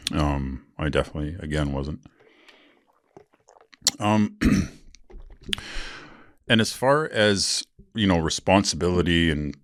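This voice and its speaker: A man with a very low voice and a dry, close sound talks casually on his podcast. He rambles through a candid story, swears freely and fills pauses with ums and uhs. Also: a bit bright, dry recording. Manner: rambling, candid and profane, with many fillers. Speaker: podcast host.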